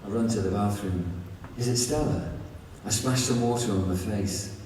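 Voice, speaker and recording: A man's voice: fairly low pitch, normal speed, darkish tone, slight background noise. A man reading his own novel aloud in the first person, with a wry, conversational delivery. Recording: echoey hall from far off, faint ambience.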